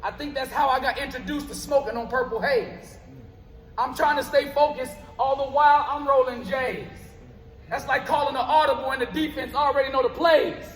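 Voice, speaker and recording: Live on stage, a man with a very high-pitched voice performs spoken word poetry at a moderate pace, his delivery rhythmic and rhyming. The venue is roomy, with long reverb.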